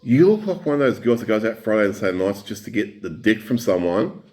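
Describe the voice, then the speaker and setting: A man's voice: on the low side, quick pace, a little mellow. Blunt, swearing man ranting. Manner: angry, blunt, heavy swearing. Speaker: commentator reacting to clips. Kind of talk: ranting reaction commentary.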